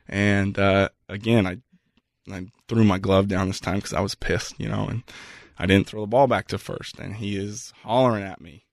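A man with a lowish voice speaks earnestly and at length, pausing and restarting his sentences as he tells a personal story. The sound is close and dry, with no room around it. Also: no echo. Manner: earnest, halting with repeated restarts. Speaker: guest. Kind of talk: reflective storytelling in conversation.

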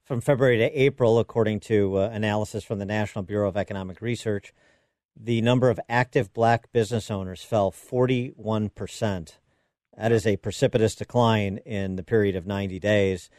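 A man hosting a political talk radio show, interviewing guests in a measured way with drawn-out fillers. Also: lowish voice, fairly even intonation, darkish tone, no echo, studio quality.

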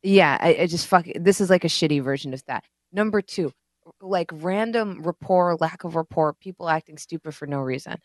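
A woman with a lowish voice vents in exasperated, profane bursts as she co-hosts a casual podcast chat. Her voice sits a bit low, and the recording is dry and close. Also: normal speed, no room sound. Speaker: podcast co-host.

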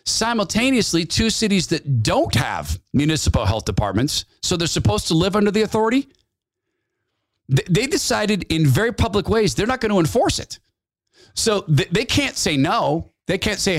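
A man hosting a talk radio show, delivering an opinionated monologue with a mocking, sarcastic edge. His voice sits a little high and swings widely in pitch as he jabs at his targets. The sound is dry and close, with no room around it. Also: big pitch swings, moderate pace, no echo.

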